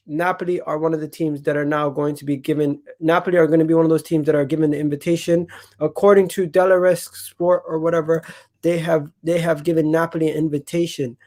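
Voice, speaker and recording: An animated man hosts a live football stream. He talks straight to his viewers and hammers his points home by repeating them. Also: on the high side, brisk. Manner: animated, emphatic, repeats himself; chatty, addresses chat directly. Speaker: football channel host.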